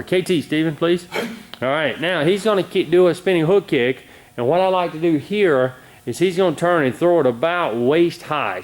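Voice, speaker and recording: A middle-aged man teaching martial arts kicks on video, calling out commands loudly and checking in with "all right?". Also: medium pitch. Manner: calls out commands loudly and coaches with frequent "all right?" and "okay?". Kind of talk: teaching a kicking class on video.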